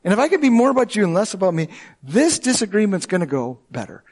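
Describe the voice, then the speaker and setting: A male pastor preaching a sermon in an earnest, emphatic way, slowing down and speeding up to stress his points. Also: sits high, very animated, darkish tone. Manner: earnest and emphatic, with shifting pace.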